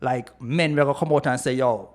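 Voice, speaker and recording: A man's voice: medium pitch, fairly even intonation, moderate pace. Jamaican man questioning hard in commentary. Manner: questioning, emphatic, repeats "you know". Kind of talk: opinionated commentary.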